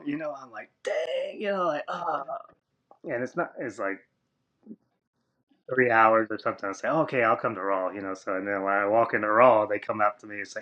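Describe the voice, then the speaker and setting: A man, a former wrestler, telling a long story as a podcast guest, with lots of fillers, and he jumps high and loud when he quotes other people. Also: normal speed, highs cut off. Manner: rambling, filler-heavy, acts out quoted voices high and loud. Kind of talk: casual storytelling interview.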